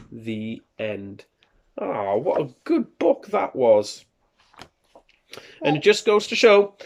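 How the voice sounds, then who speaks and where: A woman teacher reading a picture book aloud to young children in an animated, expressive way. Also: low-pitched. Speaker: primary school teacher.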